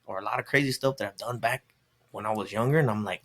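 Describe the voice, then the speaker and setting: Laid-back man swapping rough stories. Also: on the low side, fast talker. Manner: relaxed, swearing storyteller who acts out quoted voices. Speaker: podcast guest. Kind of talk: casual chat.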